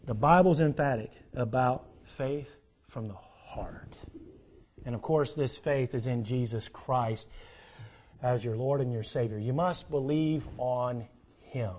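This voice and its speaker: Quoting scripture in old-fashioned wording, this preacher moves at a slow pace. His sermon alternates between forceful, loud high points and hushed, subdued passages.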